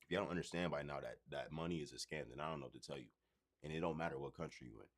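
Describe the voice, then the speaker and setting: Man, extremely low voice, casual profane livestream talk, chats straight at viewers. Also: racing. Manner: loose, profane, conversational, addresses chat directly. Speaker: livestream host.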